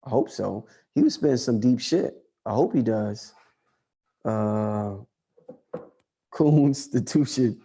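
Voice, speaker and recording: Loose, profane New man, mellow voice. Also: measured pace, slightly rough. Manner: loose, profane, repeats lines for emphasis, rises to excited highs. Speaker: livestream host answering chat. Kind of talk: casual livestream chat.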